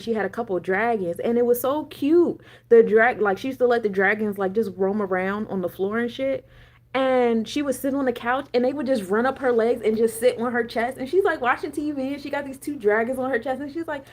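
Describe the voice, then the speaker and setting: A woman's voice: fairly high pitch, a little fast. Chatty, profane woman on a livestream. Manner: rambling, profane, laughing asides, answers chat. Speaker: energy coach and spiritual reader. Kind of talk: casual livestream chat.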